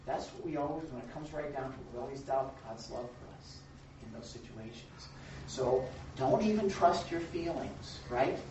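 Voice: medium pitch, normal speed. A Bible study leader teaching informally, talking with the group, asking rhetorical questions and sometimes acting out little scenes in a raised voice. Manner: conversational, full of rhetorical questions. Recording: echoey room, far off, dull and faint hiss.

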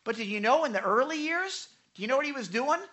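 A woman preaching with a bright, sharp-edged voice. She delivers the sermon in an animated way, stumbling over repeated words as she goes. She slips into the voices of the people she quotes. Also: high-pitched, fast talker. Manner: animated, frequent stammered repeats; acts out quoted speakers.

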